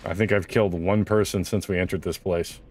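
A man's voice: low voice, steady tone, fast, background noise. A man giving casual gameplay commentary, joking and putting himself down throughout. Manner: joking, self-deprecating. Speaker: gaming video host.

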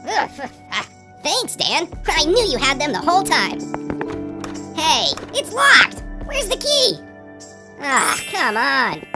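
A man voicing a small, excitable toy stick-figure who hosts a stop-motion cartoon show, quick and exclamatory. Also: very high voice, creaky, heavily acted. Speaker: host. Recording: loud music bed behind voice. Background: loud music and crowd noise.

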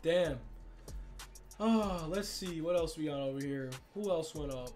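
A young man commenting on a sports video game, hyped and slangy, swinging from shouts to mutters. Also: fairly high pitch, measured pace, soft background music. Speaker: gaming YouTuber.

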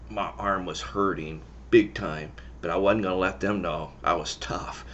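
A middle-aged man leading a children's church service, cheering the kids on and then telling a Bible story gently. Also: deep voice, fairly even intonation, moderate pace, few pauses, a little hiss or hum. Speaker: children's pastor. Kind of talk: lively children's church talk.

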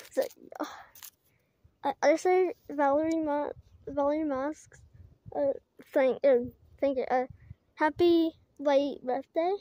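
Climbing outdoors, a woman vlogs in a high, warm, steady voice, speaking slowly with long pauses. She rambles casually with lots of fillers and giggles, putting on a mock British-Australian accent. The recording is dry.

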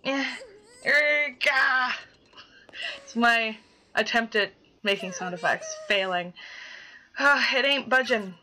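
A woman's voice: fairly high pitch, measured pace, pushed and bright, slight background noise, poor audio. A young woman playing a game and reading its dialogue aloud, chatty and dramatic, swearing casually as she reacts. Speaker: gaming YouTuber.

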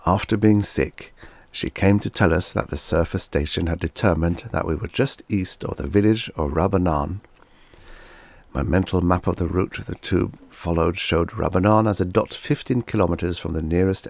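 A man narrating a vintage science fiction story in a steady, even storytelling manner. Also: deep voice, vocal fry, no room sound. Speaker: audiobook narrator. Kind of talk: scripted narration.

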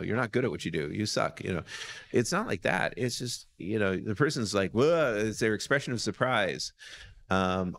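An American man, a lawyer and guest on a podcast, chatting casually and telling stories, restarting sentences with many "you know"s. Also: lowish voice. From United States. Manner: animated storyteller.

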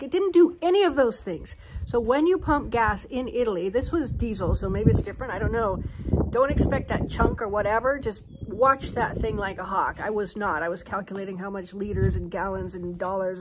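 An American woman chatting casually in a vlog, telling animated stories with plenty of fillers, filmed on a handheld phone at her home terrace. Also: fairly high pitch, noisy background. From United States. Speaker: vlogger. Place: home terrace in a hill town.

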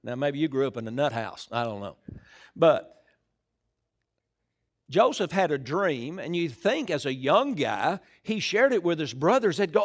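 Lively pastor preaching. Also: male voice, on the high side, a little slow. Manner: lively preaching with call-and-response, swinging between loud and hushed. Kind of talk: sermon. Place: church sanctuary.

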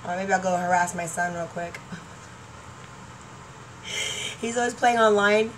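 A middle-aged woman rambles excitedly through a casual home vlog, laughing between thoughts. She sits back from a laptop mic, so her voice sounds somewhat distant, with a faint hum of room noise underneath. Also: mid-range voice, measured pace. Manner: chatty, excitable, laughing often, trailing off. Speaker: YouTuber. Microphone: laptop webcam mic.

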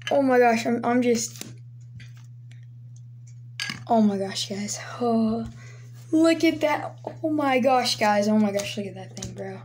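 A woman vlogging casually as she opens her mail, excitable and gushing, often dropping to a hushed, awed voice. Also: a little high, slow pace, pauses often, slight background noise. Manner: excitable, keeps saying "oh my gosh, guys", drops to hushed awe. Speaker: sports card collector vlogger. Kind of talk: casual unboxing vlog.

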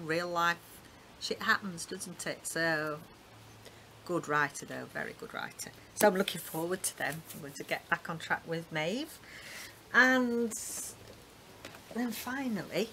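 A woman's voice: lowish voice, bright, forceful tone, slight background noise, poor audio. A British woman vlogging about her book haul, chatting casually and reading blurbs and passages aloud. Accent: British English.

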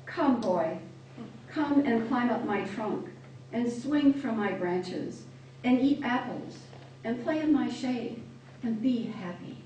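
A woman reading the part of a gentle old female apple tree, soft and pleading. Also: a little high, animated, takes it slowly, a little hiss or hum. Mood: tender. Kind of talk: reading a children's story aloud. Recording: echoey room from far off.

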